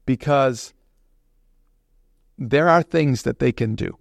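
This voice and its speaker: A man who writes fiction, giving an informal talk on the writing craft in an unhurried, conversational way. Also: medium pitch, creaky, dry recording, clean studio sound. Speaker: fiction author.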